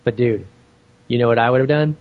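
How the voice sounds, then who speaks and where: A man voicing a boastful, cheerful flying superhero in a cartoon parody, with an incredulous, animated manner. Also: mid-range voice, brisk, narrow, tinny audio, natural voice.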